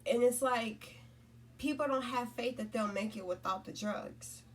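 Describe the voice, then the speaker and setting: A woman's voice: a little high, a little slow, distant mic, a little hiss or hum. A woman giving a casual spiritual talk, rambling and repeating herself, often checking in with "right?" and "you know?". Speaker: spiritual content creator.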